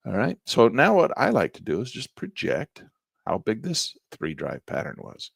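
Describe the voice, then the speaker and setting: Gravelly, animated man teaching trading. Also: on the low side, normal speed, dry recording, studio quality. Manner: folksy, animated, slangy asides. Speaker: trading instructor. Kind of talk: chart-walkthrough lesson.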